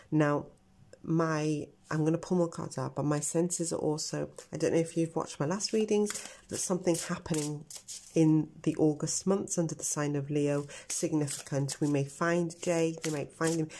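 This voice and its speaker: A woman's voice: low voice, dark tone. A middle-aged woman giving a tarot reading to her viewers, talking earnestly and speculating about what she senses. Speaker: tarot reader.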